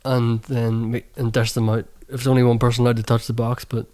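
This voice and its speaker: Easygoing musician guest. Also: male voice, medium pitch, level tone, brisk, mellow. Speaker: musician and studio producer, guest. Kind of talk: casual chat.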